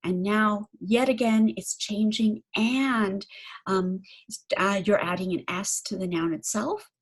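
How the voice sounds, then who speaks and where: A woman lecturing on German grammar, saying German example phrases slowly and then giving them in English, with frequent ums. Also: mid-range voice, husky. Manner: slow, deliberate explanations with frequent fillers. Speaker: German language instructor.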